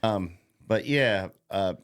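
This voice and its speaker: A man's voice: lowish voice, takes it slowly, clean tone. Profane, rambling man ranting on a podcast. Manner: profane, rambling, laughs at his own jokes; mocking. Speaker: podcast host. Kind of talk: casual political rant.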